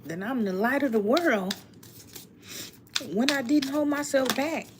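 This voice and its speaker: A woman's voice: high voice, lively intonation, a little slow, background noise. A woman tarot reader speaking heartfelt and emotional on a live stream to her viewers, often laughing.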